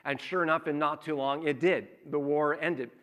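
A man, his voice bright and a little higher than most men's. He tells his story conversationally and acts out the back-and-forth in lively asides. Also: normal speed. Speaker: pastor. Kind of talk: sermon.

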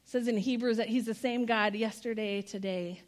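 A woman's voice: a little high, fairly even intonation, normal speed. A woman giving a sermon in a church, chatty and earnest, asking the audience questions and laughing as she speaks. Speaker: guest speaker. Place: church auditorium.

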